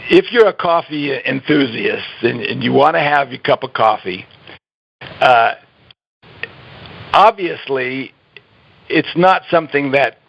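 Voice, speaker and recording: A man's voice: medium pitch, lively intonation, unhurried, vocal fry, pauses often, fairly bright tone. A man being interviewed about health habits, talking earnestly and emphatically, laughing often and restarting his sentences. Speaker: guest giving health advice. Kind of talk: conversational interview. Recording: dull lo-fi audio.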